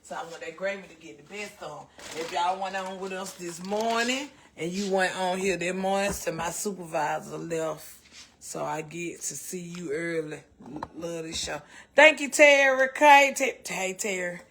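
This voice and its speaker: A Southern American woman hosts a casual cooking livestream, chatting folksily and calling her viewers baby and child. Her voice is fairly low and a bit bright, and she talks a little slowly.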